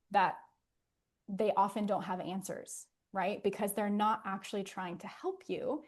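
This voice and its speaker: A woman therapist talks in an interview at a medium pitch. Her manner is earnest and gentle as she explains. She often drops into a soft, soothing hush. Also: steady tone, unhurried.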